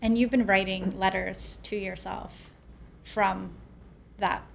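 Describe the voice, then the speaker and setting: Woman interviewer, gravelly, soft brief remarks, faint background noise. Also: medium pitch, fairly even intonation, slow pace. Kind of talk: casual conversation.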